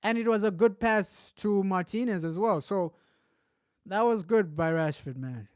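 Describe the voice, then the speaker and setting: A man with a high, smooth voice reacting live to a football match as a fan, going from weary grumbling to loud bursts of joy. He talks slowly and close to the mic, with a clear sound in a dry room. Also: no echo. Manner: emotional, shifts from grumbling to shouting excitement. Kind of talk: live watch-along commentary.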